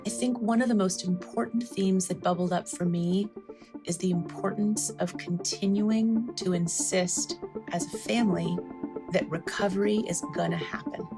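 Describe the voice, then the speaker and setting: A woman's voice: mid-range voice, moderate pace, over music. A woman physician answering interview questions in an earnest, explanatory way, stressing each word in a list. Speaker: physician guest.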